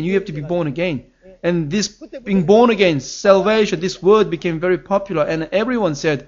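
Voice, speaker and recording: A man's voice: sits high, normal speed, muffled recording. A man preaching a sermon as pastor, earnest and emphatic, his voice rising on key phrases.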